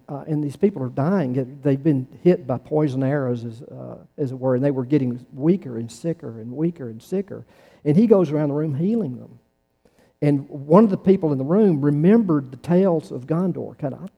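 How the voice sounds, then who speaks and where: A man preaching a sermon, halting often with restarts and fillers as he tells stories to the congregation. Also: on the high side, warm tone. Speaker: pastor. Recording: long hall reverb.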